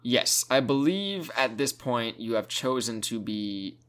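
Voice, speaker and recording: A young man chats casually about games as a co-host. He makes dry, wry asides with a lively, swinging pitch at a middle register. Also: a little slow. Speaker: podcast co-host. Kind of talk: casual gaming chat.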